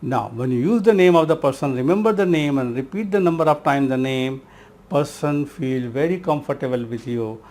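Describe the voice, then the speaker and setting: A man's voice: a little high, brisk, darkish tone. Emphatic man teaching a self-help lesson. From India. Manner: emphatic, repeats key words; addresses listener as my friend. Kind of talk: spoken lesson.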